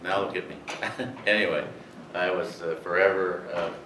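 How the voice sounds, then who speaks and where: An older man whose voice sits low, with fairly even intonation and a moderate pace, wanders through racing stories for an audience with lots of fillers. The recording is roomy and distant, with faint hiss.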